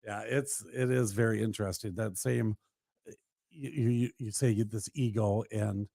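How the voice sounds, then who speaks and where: A man's voice: fairly low pitch, steady tone, moderate pace, vocal fry, mellow, dry recording. A man from Minnesota, a real estate agent co-hosting a radio show in a studio, talking in an easygoing, agreeable way and trailing off mid-thought. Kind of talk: casual studio chat.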